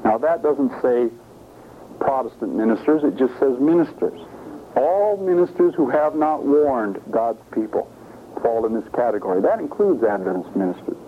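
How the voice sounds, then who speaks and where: A man's voice: medium pitch, animated, normal speed. A man preaching in a sermon-style Bible study, emphatic and asking his listeners questions. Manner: emphatic, asks the audience questions. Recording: lo-fi phone-like recording with faint hiss.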